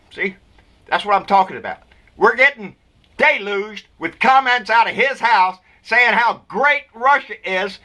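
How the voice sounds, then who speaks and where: A man's voice: extremely high pitch, bright, forceful tone. A man with a Texan accent delivering a blunt, folksy political rant full of cussing and indignation. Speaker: political vlogger.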